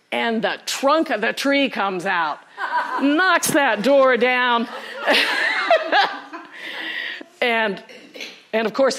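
A woman storyteller telling a folktale live to a college class, animated, quizzing her listeners and laughing often. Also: mid-range voice.

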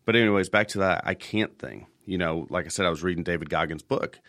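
A man's voice: low voice, quick pace, fairly bright tone, no room sound, clean studio sound. A man in his thirties hosting a casual podcast, telling rambling stories and repeating words as he goes. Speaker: podcast host.

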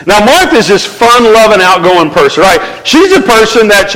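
A male pastor preaching a sermon in an animated, conversational way, asking the crowd to respond. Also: high voice, normal speed, hardly any pauses, big-room sound, poor audio.

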